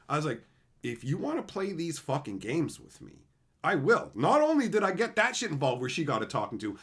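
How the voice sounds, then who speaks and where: A man telling stories from his old job in a casual, profane rant, often acting out what people said. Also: mid-range voice. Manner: profane, animated, acts out quoted people. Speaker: channel host.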